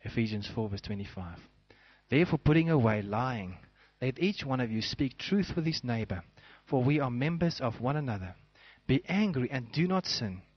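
A man's voice: medium pitch, animated, normal speed, breathy edge, no echo, dull audio. A man preaching a sermon as pastor, acting out little scenes as he goes.

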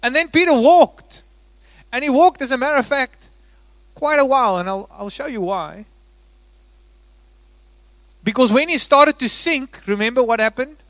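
A man with a high voice preaches a sermon, rising to loud emphasis and then dropping to a near hush. His sound is dry and close, with no room around it. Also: lively intonation, moderate pace, pauses often, dry recording. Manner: dramatic swings between loud emphasis and hushed delivery. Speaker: pastor.

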